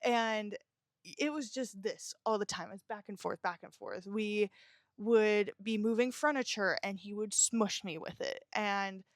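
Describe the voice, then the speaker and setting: A woman's voice: medium pitch, a little slow, no echo, clean studio sound. A young woman hosting a podcast, telling her own story in a candid, rambling way, swearing freely. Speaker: podcast host. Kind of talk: casual personal storytelling. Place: indoors while it rains outside.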